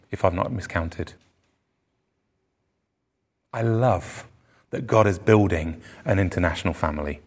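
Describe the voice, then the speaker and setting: Gravelly man preaching. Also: lowish voice. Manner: earnest preaching with rising emphatic phrases. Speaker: pastor. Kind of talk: sermon. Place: church service venue.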